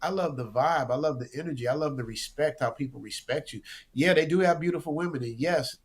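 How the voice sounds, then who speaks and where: A man talking as a guest in a casual interview, animated and slangy, often repeating words as he goes. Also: a little high, fast talker. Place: lives abroad, remote interview.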